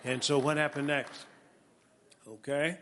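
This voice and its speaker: High bright-voiced man preaching hard, shouting out to the church, big hall echo. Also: measured pace, a little hiss or hum. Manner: animated, calls out to the congregation, builds to shouting. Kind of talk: sermon with personal testimony. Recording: long reverb of a large hall.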